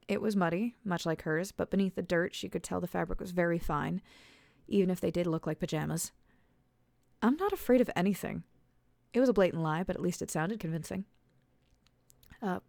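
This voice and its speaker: A woman, an author reading her own novel aloud in a measured, steady way. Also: on the low side, vocal fry, no echo, studio quality. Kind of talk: storybook narration.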